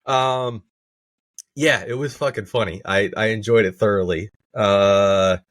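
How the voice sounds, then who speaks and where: Laughing podcast host, dry close sound. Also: male voice, fairly low pitch, a little slow, no echo. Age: adult parent. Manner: laughs often, animated retelling of jokes. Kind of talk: casual chat. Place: home room. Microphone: camera and mic at home.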